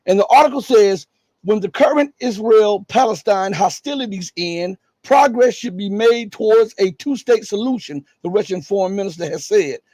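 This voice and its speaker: Raspy man, high voice, live commentary. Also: lively intonation, moderate pace, a little mellow, no echo. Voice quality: scratchy, raspy. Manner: emphatic, full of rhetorical questions. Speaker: live-stream news commentator.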